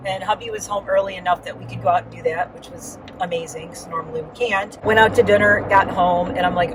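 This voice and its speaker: A woman's voice: on the low side, steady tone, a little fast, few pauses, far from the mic, noisy background. A woman giving a casual, rambling vlog update with lots of fillers, talking while riding in a car. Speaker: vlogger.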